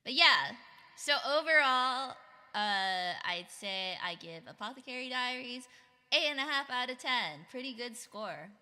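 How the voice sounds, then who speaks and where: A woman's voice: on the high side, expressive, a little slow, sharp tone, in a large hall. A woman streamer chatting casually with her viewers, giggling often and reacting to chat.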